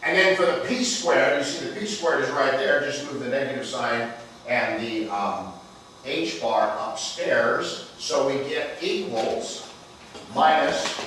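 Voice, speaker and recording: A man's voice: medium pitch, fairly bright tone. A man teaching a physics class, playful and theatrical, often putting questions to the class. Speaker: physics lecturer. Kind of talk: classroom lecture. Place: lecture hall. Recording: echoey lecture hall, distant, faint noise.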